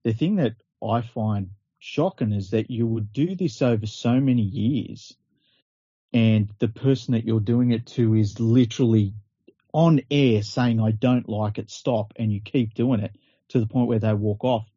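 Incredulous, sweary podcast host. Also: male voice, mid-range voice, unhurried, mellow, slightly rough, no room sound. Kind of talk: casual podcast chat. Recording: dry, dull lo-fi podcast audio.

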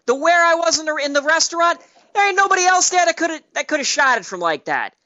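A man rants into a sports radio call, combative and profane, circling back to the same jabs again and again. His voice sits high and sharp. The audio comes through dull and lo-fi. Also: very animated, fast talker. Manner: profane, combative, repetitive ranting. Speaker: caller. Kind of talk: angry sports radio rant.

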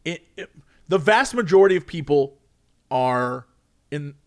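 A man with a high voice chatting casually as a streamer. His pitch swings widely as he acts out what chat says. He talks in loose, animated bursts. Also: unhurried.

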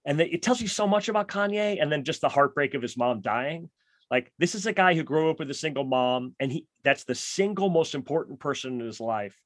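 Man, podcast host, casual music talk, enthusiastic, slightly high voice, dry close sound. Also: a little fast, dry recording. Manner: enthusiastic, animated storytelling with quoted asides.

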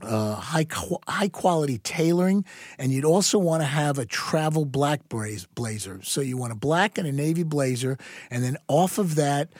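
A man's voice: on the high side, animated, normal speed, darkish tone, dry recording. Middle-aged guy cohost, teasing, explains like a pro, dry close sound. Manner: teasing, wisecracking, then explaining like an expert. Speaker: co-host. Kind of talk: casual podcast chat.

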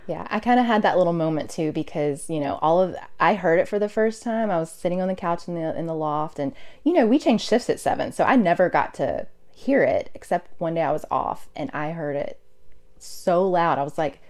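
Chatty woman telling stories, lower voice. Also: a little fast. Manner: animated, emotional storyteller with many fillers. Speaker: nurse, podcast guest. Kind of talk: casual interview storytelling.

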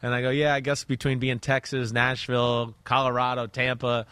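A man's voice: mid-range voice, completely flat delivery, sharp tone, clear, resonant tone, no echo. Playful male podcast host from New Jersey. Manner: playful, talks in quick bursts with restarts. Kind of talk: casual chat.

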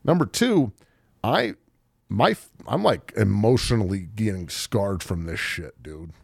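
Gravelly, profane man in his forties. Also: on the low side, expressive, measured pace, dry recording, studio quality. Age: 40s. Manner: profane, heated and emotional. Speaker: podcast host. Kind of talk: casual sports chat. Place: studio.

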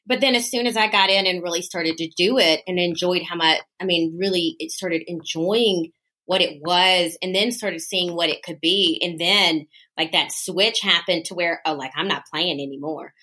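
A woman's voice: fairly low pitch, normal speed. A woman, a podcast guest telling her business story and acting out quoted voices. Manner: animated, acts out quoted dialogue. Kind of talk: casual storytelling interview.

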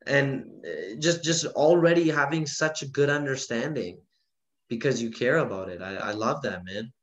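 A man's voice: medium pitch, expressive, normal speed, rough recording. A man hosting a casual podcast, talking in an encouraging, upbeat way. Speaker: podcast host. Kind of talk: casual chat.

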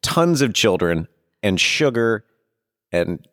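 A man's voice: lowish voice, big pitch swings, slow, fairly bright tone, dry recording. A man co-hosting a podcast, chatting with wry, dry humor. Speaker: podcast co-host. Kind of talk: casual chat.

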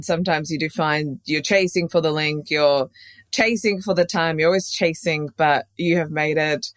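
A woman's voice: sits low, no echo. A woman from Australia, a safety consultant and coach, talking frankly as a podcast guest and laughing easily. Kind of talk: casual interview chat.

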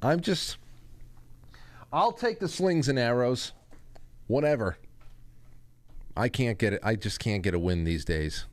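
A man's voice: medium pitch, lively intonation, a little slow, long pauses, dry recording. A man hosting his own show, talking in a rambling, joking, self-deprecating way. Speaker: host. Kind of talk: casual monologue.

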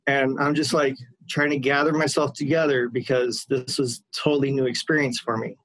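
A man's voice: mid-range voice, flat delivery, fairly bright tone, no room sound, low-quality recording. Earnest male caller, dry close sound. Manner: earnest, halting storytelling with restarts. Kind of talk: personal story told to a radio host.

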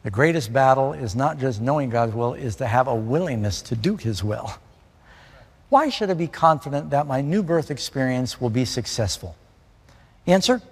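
A man's voice: mid-range voice, animated, normal speed, slightly rough, in a large hall. A man from New York City preaching a conversational sermon, often putting questions to his listeners.

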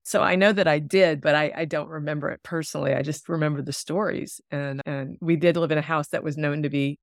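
A woman with a notably low voice hosts a relaxed interview and reacts warmly to her guest. Her questions come in an easy, conversational way, and her voice sounds close and dry, as on a video call. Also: brisk, no room sound. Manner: attentive, affirming listener, relaxed conversational questions. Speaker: podcast host. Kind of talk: casual interview chat.

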